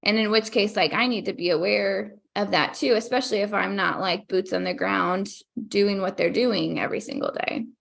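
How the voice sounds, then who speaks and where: A woman with a gravelly, creaky voice speaks as a guest on a podcast. She talks in a thoughtful, measured way and explains her reasoning step by step. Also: medium pitch, fairly bright tone. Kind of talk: casual chat.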